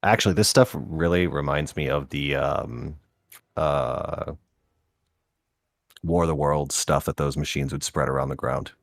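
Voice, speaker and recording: A man with a very deep voice chatting as a player in a tabletop game. He talks slowly and hesitantly, thinking aloud with fillers. The sound is close and dry, with no room echo. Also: vocal fry. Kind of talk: casual tabletop game chat.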